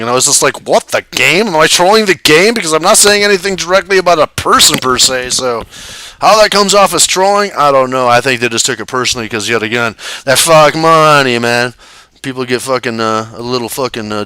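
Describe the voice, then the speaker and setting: A man's voice: medium pitch, bright, forceful tone, dry recording. A man giving rambling, profane commentary while he plays a survival game, laughing often. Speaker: streamer playing a survival game. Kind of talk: casual gameplay commentary.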